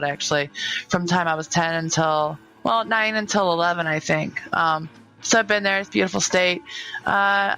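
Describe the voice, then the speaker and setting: A woman's voice: mid-range voice, vocal fry, bright, forceful tone, rough recording. A young woman co-hosting a casual podcast, joking loosely and slipping between regional ways of talking. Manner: loose, joking, profane, drifts between accents. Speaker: podcast co-host. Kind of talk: casual chat.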